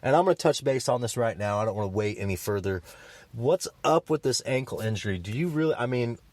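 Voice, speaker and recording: A man's voice: medium pitch, lively intonation, quick pace, a little mellow, no echo. A man co-hosting a sports podcast, fired up and emphatic as he argues his opinions. His voice sits in an ordinary middle range, and the recording is dry and close with no room sound. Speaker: podcast co-host.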